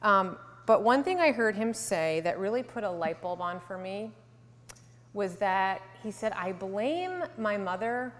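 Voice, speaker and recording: A woman in her thirties, from Connecticut, tells her faith testimony to a live audience. She speaks earnestly and sinks to a near hush on the tender lines. Her voice rings with the long reverb of a large hall. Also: mid-range voice, expressive, unhurried. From Connecticut, USA. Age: 30s. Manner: earnest storytelling, drops to a soft hush for emotional lines.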